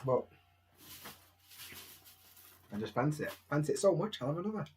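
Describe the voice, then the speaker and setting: A man's voice: a little high, big pitch swings, moderate pace, a little mellow, slight background noise. A young man with a Barnsley Yorkshire accent, chatting casually and self-mockingly at home on a live stream, answering viewers' questions.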